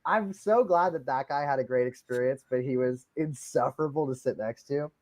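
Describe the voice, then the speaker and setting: A man co-hosting a casual film review podcast, excitable and quick to laugh. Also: medium pitch. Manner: excitable, breaks into laughter and impressions.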